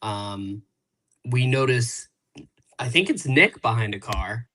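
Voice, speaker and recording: A man's voice: medium pitch, lively intonation, slow pace, bright, forceful tone, rough recording. A male guest reviewer recapping a TV episode in casual chat, meandering with many fillers.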